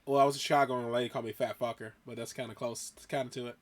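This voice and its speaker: A man's voice: mid-range voice, level tone, rapid-fire. A man hosting a reaction video, chatting casually and joking about his own stories. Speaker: reaction channel host. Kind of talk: casual chat.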